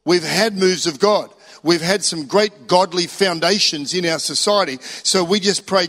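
Man, Australian accent, middle-aged, preacher, chatty emphatic sermon, fairly high voice, long hall echo. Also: moderate pace, hardly any pauses, fairly bright tone. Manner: chatty storytelling, emphatic rises.

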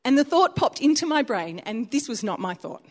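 A woman preaching a sermon in a church, in a fairly high voice. She tells stories with animated swings of pitch and often laughs. Her delivery is personal and conversational. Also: normal speed.

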